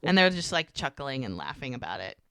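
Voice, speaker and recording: A woman co-hosting a podcast, chatting casually and retelling scenes with animated acted-out dialogue. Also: rumbling low, fairly quick, no room sound, studio quality. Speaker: podcast co-host. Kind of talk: casual chat recapping a TV episode.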